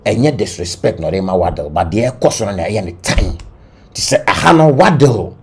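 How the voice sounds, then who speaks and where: A Ghanaian man with a low, husky voice recounts celebrity drama in animated commentary. He tells the story in lively bursts, mixing languages as he goes, and his voice carries a rough, breathy texture. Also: brisk. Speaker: entertainment news commentator. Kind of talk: gossip commentary.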